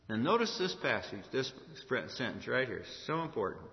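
A man's voice: fairly high pitch, big pitch swings, normal speed. A man pastor delivering a sermon, preaching emphatically and asking the congregation rhetorical questions. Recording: echoey hall, dull lo-fi sound.

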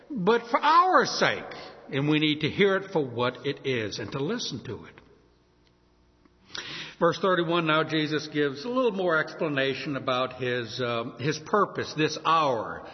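A man preaching an expository sermon through a Bible passage, animated and rising into exclamations, with occasional coughs. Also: a little high, unhurried. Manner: animated, rising to exclamations when mocking misunderstanding; coughs and clears throat at times. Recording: dull sound with long reverb in a hall.

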